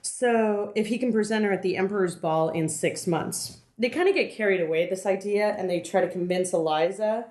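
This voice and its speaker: A woman's voice: medium pitch, fairly quick, hardly any pauses, a little mellow. A woman podcast host recapping a film in casual chat, rambling with many fillers and restarts. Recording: roomy, echoey room.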